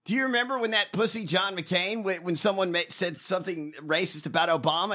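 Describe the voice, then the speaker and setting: A man's voice: high voice, brisk. A man co-hosting a casual podcast, joking and swearing as he reacts to clips. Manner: animated, profane, joking. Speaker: podcast co-host. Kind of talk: casual political chat.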